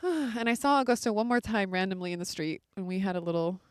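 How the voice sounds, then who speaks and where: A woman's voice: mid-range voice, expressive, quick pace, clear, resonant tone, no echo, clean studio sound. A woman hosting a podcast, telling a personal story in a casual, chatty way full of filler words. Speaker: podcast host.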